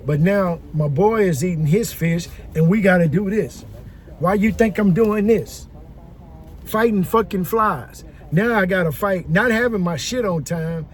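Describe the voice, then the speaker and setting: A man telling a restaurant story as an animated, profane, exasperated rant, recorded outdoors. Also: sits high, a little hiss or hum. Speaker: vlogger reviewing a restaurant.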